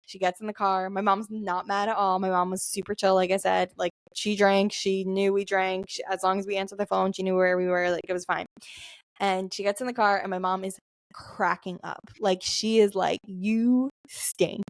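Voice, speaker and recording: A woman's voice: mid-range voice, level tone, normal speed, dry recording. Young woman podcast co-host, chatty storyteller, dry close sound. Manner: chatty, lots of "like" fillers, laughs often. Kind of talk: casual storytelling chat.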